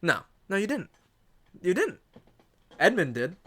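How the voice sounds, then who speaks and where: Young guy cohosting a podcast, jokey, lots of likes and ums, pitch bouncing all over. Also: wildly swooping pitch, unhurried, fairly bright tone. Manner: joking, filler-heavy, laughs often. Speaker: podcast co-host. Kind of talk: casual chat.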